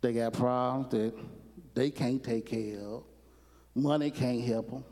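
A man's voice: medium pitch, steady tone, a little slow, mellow. A man preaching a sermon, retelling a TV episode and acting out the characters' lines as he goes. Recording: long hall reverb.

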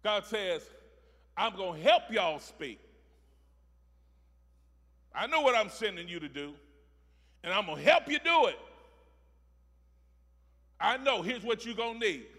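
A man preaching a sermon, repeating phrases rhythmically and building from soft talk to shouting. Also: sits high, big pitch swings, a little slow, pauses often, big-room sound.

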